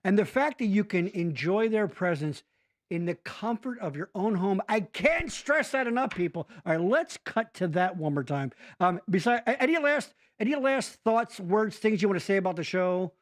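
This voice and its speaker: A man's voice: sits high, moderate pace. A man hosting a podcast in casual chat, joking and cursing freely. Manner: joking, profane, animated. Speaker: podcast host.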